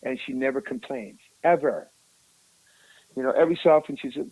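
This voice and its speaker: A rock musician telling a story in a casual interview, animated and emotional, often calling the listener "man". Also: medium pitch, a little fast, pauses often, husky, no room sound, poor audio.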